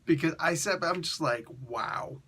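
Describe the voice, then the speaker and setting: A man's voice: a little high, normal speed, fairly bright tone, breathy edge. A man casually reviewing a comic book in a laid-back, slangy, rambling way.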